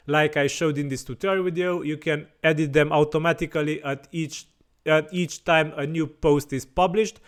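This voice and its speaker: Man walking through a software tutorial. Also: on the high side, clear, resonant tone. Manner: plain explaining with frequent fillers and restarts. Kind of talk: screen-recorded software tutorial.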